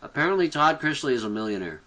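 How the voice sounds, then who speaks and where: Easygoing man co-host with a bright tone. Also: mid-range voice, big pitch swings, fast. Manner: easygoing, hesitant, trails off. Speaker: podcast co-host. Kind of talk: casual chat, recapping.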